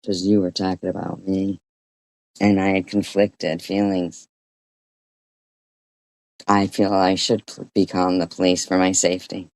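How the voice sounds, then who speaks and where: A woman with a very low voice rants at a slow, heavy pace, swearing and scolding as she reacts to a clip. She clears her throat often between lines. The sound is dry and close, with no room around it. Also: level tone, darkish tone, no echo. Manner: profane, scolding rant with frequent throat clearing. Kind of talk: angry reaction commentary.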